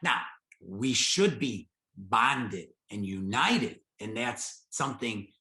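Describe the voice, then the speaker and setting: Animated man telling stories. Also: on the low side, slow pace. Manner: animated, acts out his own dialogue. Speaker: interviewee, podcast host. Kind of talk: oral history storytelling. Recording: roomy echo.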